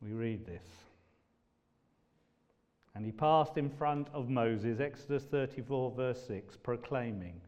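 A man preaching a sermon, moving from loud, ringing declarations to hushed, almost whispered lines. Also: medium pitch. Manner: slow and dramatic, swings from loud declaiming to hushed near-whispers. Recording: dull audio with long hall reverb.

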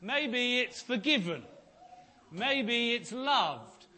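Male pastor, sermon, slow emphatic delivery, hushed to shouting, high voice. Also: very animated. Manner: preaching with dramatic swings from hushed to shouted.

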